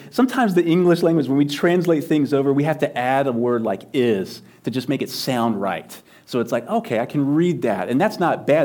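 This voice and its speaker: A male pastor preaching a sermon, swinging from loud emphatic lines to near-whispers and repeating phrases for emphasis. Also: mid-range voice.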